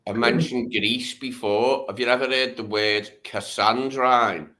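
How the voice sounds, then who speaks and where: A man's voice: mid-range voice, fairly even intonation, a little slow, sharp tone. A man hosting a casual livestream chat, rambling and mocking, talking over a remote call. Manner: rambling, mocking impressions of others. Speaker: host.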